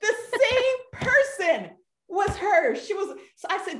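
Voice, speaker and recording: A woman guest on a podcast interview, telling her story with lively energy and acting out both sides of the conversation. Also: extremely high pitch, unhurried, reverberant. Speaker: guest, mother of a son with special needs.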